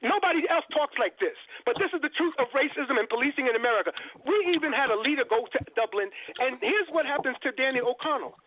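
A very high-pitched man holds forth over a thin, tinny phone line, emphatic and insistent. He lectures like a professor, circling back to repeat his key points and calling listeners brother. The sound is dry, with no room around it. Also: lively intonation, fast talker, few pauses, dry recording. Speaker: guest, politics professor. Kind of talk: impassioned lecturing on a call-in show. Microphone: telephone.

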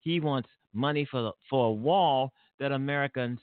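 A man's voice: mid-range voice, moderate pace, no room sound, narrow, tinny audio. A man hosting his own political talk show, talking bluntly and profanely in a rambling monologue full of fillers and restarts. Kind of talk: casual political commentary monologue.

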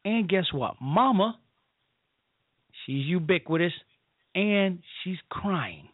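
A man's voice: high voice, lively intonation, no echo. A man from the south side of Chicago hosting a call-in radio talk show, delivering blunt, emphatic commentary. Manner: slow, emphatic, preachy. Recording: dry, phone-like call-in radio line.

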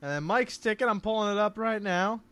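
A man hosting a casual horse racing picks show, animated and jokey with playful wordplay. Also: high voice, a little fast, smooth, dry recording. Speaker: host. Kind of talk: casual harness racing handicapping chat.

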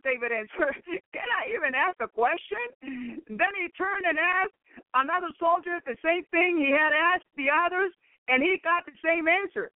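A man's voice: extremely high pitch, unhurried, no room sound. A man preaching, reading scripture aloud and breaking in with exclamations of praise and laughter. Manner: exclaims praise and laughs between read passages. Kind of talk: sermon reading and commenting on scripture. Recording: tinny phone-line radio broadcast.

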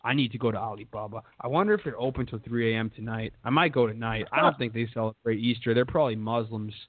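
A man's voice: mid-range voice, fast, no room sound. Profane young man rambling on a lo-fi podcast. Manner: profane, rambling, says "dude" a lot. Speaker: podcast host. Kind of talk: crude casual chat. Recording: dry, phone-like lo-fi audio.

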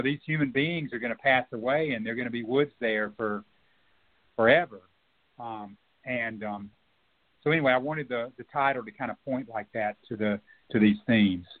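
A man, a novelist being interviewed, talking reflectively and haltingly with many fillers and restarts. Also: mid-range voice. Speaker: novelist guest. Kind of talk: radio interview conversation. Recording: phone-like narrow band.

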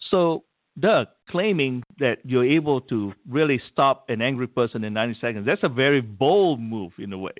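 A man's voice: medium pitch, expressive, moderate pace, no echo. A man hosting a talk radio interview, reading station plugs and asking his guest questions. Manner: brief affirming backchannels, announcer-style. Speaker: radio host. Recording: tinny phone line.

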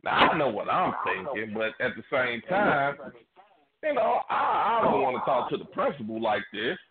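A man telling a raunchy story on a radio show, his pitch jumping all over as he acts out the other people. The sound is thin and phone-like, and the voice is a little husky and raised. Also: moderate pace. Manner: profane, animated, acts out voices in his stories. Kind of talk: crude comedic storytelling. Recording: phone-like band-limited radio audio.

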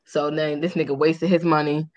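A woman co-hosting a podcast, telling a dating story in casual chat, candid and animated with frank profanity. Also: low-pitched, normal speed, dull audio. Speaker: podcast co-host.

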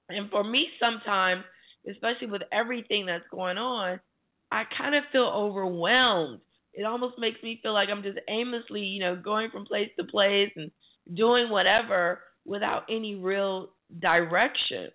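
A woman's voice: a little high, normal speed. Chatty woman storyteller on a tinny line. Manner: chatty storytelling, animated retellings. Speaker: radio talk show co-host. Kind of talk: casual chat.

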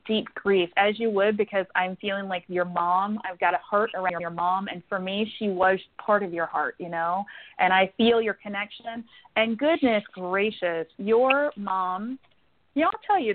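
A woman psychic medium giving call-in readings on the radio, talking emphatically and repeating words for stress. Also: mid-range voice. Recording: phone-line sound.

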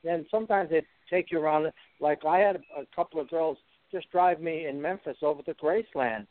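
A man's voice: a little high, brisk. Chatty man in his seventies, phone line. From Canada. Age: 70s. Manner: chatty, teasing, anecdotal. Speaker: guest musician. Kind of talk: casual radio interview.

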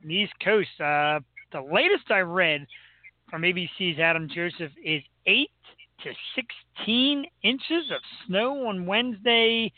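A man's voice: high-pitched, animated, measured pace, no room sound. A man with a Philadelphia accent co-hosting a casual chat, joking and rambling. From Philadelphia area. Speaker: co-host. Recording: tinny phone-like call audio, dry.

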